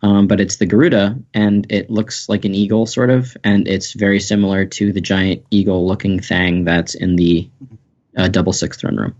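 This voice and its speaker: Man, podcast co-host, hesitant, lots of ums, low voice, lo-fi sound. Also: steady tone, moderate pace, a little mellow. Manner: hesitant, full of ums and restarts. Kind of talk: casual chat. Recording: muffled lo-fi recording.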